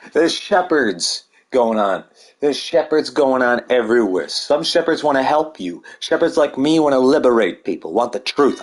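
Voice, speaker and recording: A man delivering a rambling, heated monologue full of swearing. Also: medium pitch. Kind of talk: ranting monologue.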